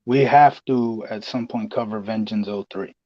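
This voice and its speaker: A man's voice: lowish voice, steady tone, normal speed, dry recording. A man around thirty co-hosting a casual wrestling chat, talking as an enthusiastic fan. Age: 30s. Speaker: podcast co-host. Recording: dull, dry lo-fi mic.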